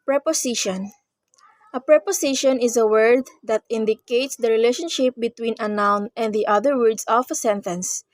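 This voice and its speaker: A woman's voice: on the high side, moderate pace, no echo. A young woman, presenting a class report on grammar in short read phrases. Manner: reads explanations in short phrases, with small restarts. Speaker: student presenter.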